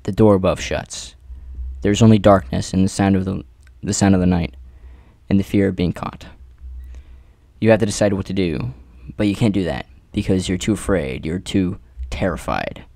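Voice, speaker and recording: A man narrating an adventure story in the second person, with theatrical pauses and rhetorical questions. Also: deep voice, creaky, warm tone, no room sound. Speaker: narrator reading an AI-written adventure.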